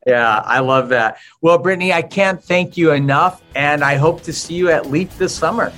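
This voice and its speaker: A man hosting a podcast interview, asking friendly, quick questions. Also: a little high, a bit bright, soft background music. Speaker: podcast host. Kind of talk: casual interview.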